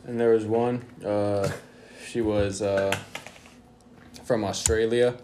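A man's voice: fairly low pitch, little pitch movement, takes it slowly, warm tone, a little hiss or hum. A young man hosting a casual podcast chat, laid-back and rambling, full of slang. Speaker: podcast host.

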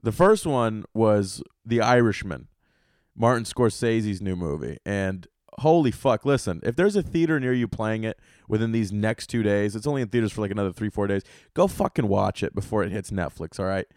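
A young man hosting a solo podcast, talking casually and with lots of swearing, swinging from loud outbursts to low muttering. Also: animated, moderate pace, no echo, studio quality. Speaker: podcast host.

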